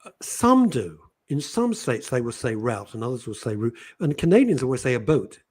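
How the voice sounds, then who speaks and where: A man's voice: medium pitch, moderate pace, husky. A middle-aged Englishman hosting a talk show, telling stories in casual chat and acting out the voices of people he quotes. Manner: animated storytelling with mimicked voices.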